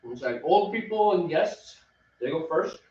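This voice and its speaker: A man's voice: fairly high pitch, animated, measured pace, darkish tone. A man co-hosting a homebrewing show, chatting casually and laughing often. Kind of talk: casual chat while brewing. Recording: roomy, distant, dull sound with faint background noise.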